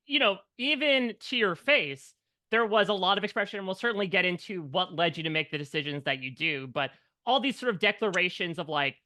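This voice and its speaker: An interviewer with a bright, forward tone. The questions run long and wind through several clauses before they land. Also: medium pitch, no room sound.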